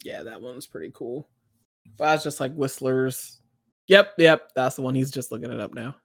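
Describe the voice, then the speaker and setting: A co-host with a creaky, medium-pitched voice and a moderate pace tells stories animatedly during a casual chat. They slip into squealing impressions of others, and the recording is dry.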